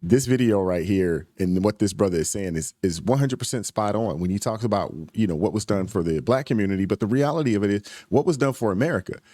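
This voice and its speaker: A man with a lowish voice reacting to a clip in casual, emphatic commentary. His talk is loose and full of slang. The recording is close and dry, with no room sound. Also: lively intonation, quick pace, few pauses, dark tone, dry recording. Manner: emphatic, conversational, folksy slang. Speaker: reaction channel host.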